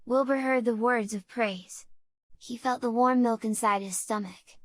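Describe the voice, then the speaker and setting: Lady reading a kids' story out loud, calm steady pace, slightly high voice, dry sound. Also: a little slow, no echo. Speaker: audiobook narrator. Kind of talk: children's audiobook reading.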